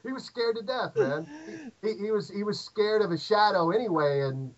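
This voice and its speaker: A man's voice: high-pitched, brisk. Rambling middle-aged man on a dull line. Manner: rambling, animated anecdote with many fillers and restarts. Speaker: podcast guest. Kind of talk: casual storytelling. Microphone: remote call audio. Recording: dull lo-fi call audio.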